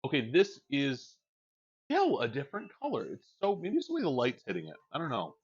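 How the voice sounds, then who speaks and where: Guy rambling on his stream, swears a lot, mid-pitched, kinda dull muffled audio. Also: wildly swooping pitch, fairly quick, husky. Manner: rambling, profane, frank. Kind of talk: casual chat while livestreaming.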